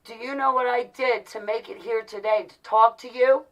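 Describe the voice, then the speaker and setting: Woman in her forties, exasperated rant, rather high voice, a bit off-mic. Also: fairly even intonation, moderate pace, few pauses, recorded from a distance, muffled recording. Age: 40s. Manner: exasperated, ranting, repetitive pleading. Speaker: vlogger. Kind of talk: heated monologue to viewers.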